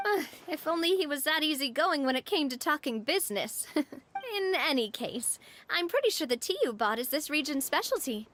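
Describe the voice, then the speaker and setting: A woman voicing a cheerful, outgoing young woman in a game, playful and quick to laugh. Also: high voice, very animated, fairly bright tone, a little hiss or hum. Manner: bubbly, playful, laughs easily. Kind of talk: game voice acting.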